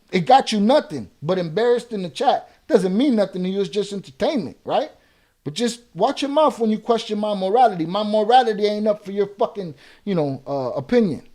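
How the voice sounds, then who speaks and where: A man with a high, slightly mellow voice hosts a live reaction stream. He reads viewer comments out loud and fires back in profane street slang, speaking with a Chicago accent.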